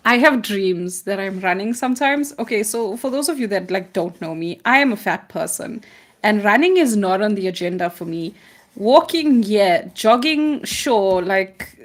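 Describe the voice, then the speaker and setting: A woman's voice: medium pitch, a bit bright. Chatty woman cohosting an art stream, jokey, makes fun of herself a lot. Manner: chatty, self-deprecating, jokey. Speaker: co-host of an art livestream. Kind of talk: casual chat while painting.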